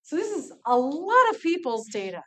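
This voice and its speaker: A woman with a slightly high voice tells students a story in a casual talk. She is candid and lively, and acts out the back-and-forth dialogue as she goes. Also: normal speed. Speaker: nonprofit CEO speaking to students.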